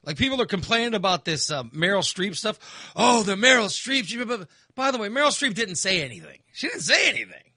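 A man's voice: sits high, sing-song, fairly quick, bright, forceful tone, slightly rough, no room sound, clean studio sound. A man ranting casually, exasperated and sarcastic, sounding fired up. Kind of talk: casual opinion rant.

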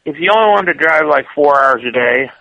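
A man in relaxed conversation with a bright voice at middle pitch, giving short, laid-back answers. The recording sounds slightly dull and dry. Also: fairly quick, dry recording. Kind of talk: casual chat.

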